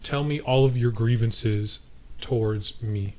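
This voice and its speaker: A man playing a polite, earnest young employer who speaks courteously and softly. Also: mid-range voice, steady tone, moderate pace, lightly acted. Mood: gentle. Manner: courteous and soft-spoken.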